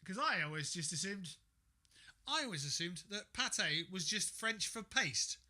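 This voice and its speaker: A man's voice: sits high, animated, a little slow, bright, forceful tone. A man chatting casually on a gaming livestream, sarcastic and swearing a lot, talking to himself as he reads things out. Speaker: streamer.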